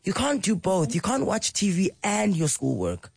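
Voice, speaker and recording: A woman radio host, a little croaky from illness, chatting playfully on breakfast radio. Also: medium pitch, normal speed, no echo, soft background music. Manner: playful, animated.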